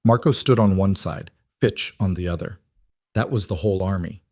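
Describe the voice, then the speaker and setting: A man narrating a crime story in a steady, measured storytelling voice. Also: low-pitched, gravelly, no room sound, clean studio sound. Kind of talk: scripted narration.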